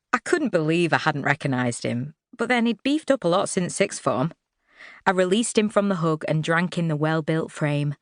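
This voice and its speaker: A woman narrating a first-person novel for an audiobook, expressive and wry, close to the mic. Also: sits low, no echo. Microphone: close studio mic.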